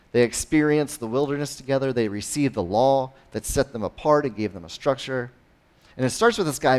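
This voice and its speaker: A man preaching a sermon in a conversational style, rising and dropping in loudness and pitch, with frequent "right?" asides. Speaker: pastor.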